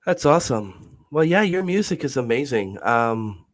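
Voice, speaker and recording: A man hosting an interview, getting over bronchitis and clearing his throat, asking halting questions with frequent restarts and apologies. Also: medium pitch, very animated. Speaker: podcast host.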